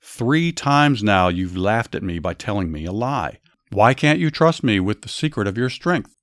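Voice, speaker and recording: A man voicing a pleading, accusing young woman in a spoken Bible story, raising his voice high and insistent. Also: lively intonation, moderate pace, fairly bright tone, no room sound, studio quality. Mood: reproachful.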